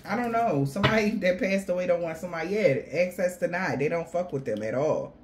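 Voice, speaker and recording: A woman's voice: fairly low pitch, fairly quick, noisy background. Blunt, rambling woman giving a reading. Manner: rambling, blunt, swears freely. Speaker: tarot reader. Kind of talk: casual spiritual reading.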